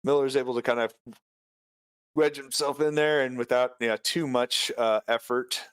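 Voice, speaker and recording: A man's voice: medium pitch, fairly even intonation, moderate pace, fairly bright tone, smooth, dry recording. A man narrating a tabletop game as game master, hesitant and full of filler sounds.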